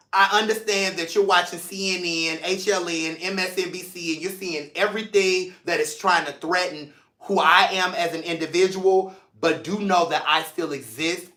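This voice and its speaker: A man hosting a show, speaking to viewers in an emotional, expressive way with playful asides. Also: a little high, echoey room. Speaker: host. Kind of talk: heartfelt personal talk to viewers.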